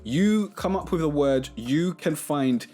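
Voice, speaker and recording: A man hosting a casual music tutorial, talking to camera in a relaxed, chatty way and sometimes singing short melody snippets. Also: on the high side, unhurried.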